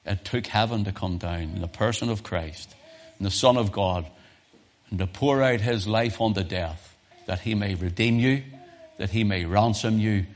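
A man preaching a sermon at a church service, moving between loud emphasis and soft low asides, often repeating and restarting his phrases. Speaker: pastor.

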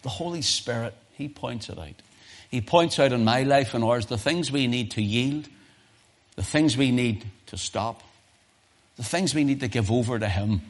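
A man preaching a sermon at a church service, moving between loud emphasis and soft low asides, often repeating and restarting his phrases. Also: normal speed. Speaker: pastor.

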